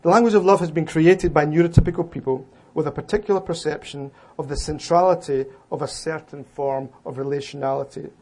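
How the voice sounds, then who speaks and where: Male academic presenter, voice sits a little high; reads a prepared paper to a seated room, measured and emphatic. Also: steady tone, darkish tone. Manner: deliberate, emphatic reading with occasional restarts. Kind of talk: lecture reading from a prepared paper. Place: lecture room with an audience.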